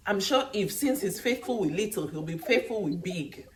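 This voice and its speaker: A woman's voice: mid-range voice, lively intonation, normal speed, far from the mic, slight background noise. A Nigerian woman hosting a live stream who exhorts her viewers in a preachy, emphatic way, often asking "hmm?" as she goes. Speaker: livestream host. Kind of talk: motivational live stream chat.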